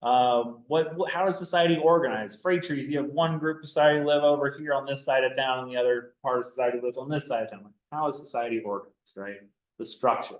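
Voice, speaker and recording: A man's voice: mid-range voice, fast. A man giving a casual classroom lecture on anthropology, chatty and loose, full of fillers and "right?" checks to the students. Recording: dull roomy classroom recording.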